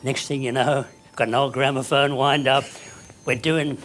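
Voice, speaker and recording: An older man, telling a story to an audience in an animated, hammy way that climbs up to shouting. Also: mid-range voice, normal speed, slight background noise.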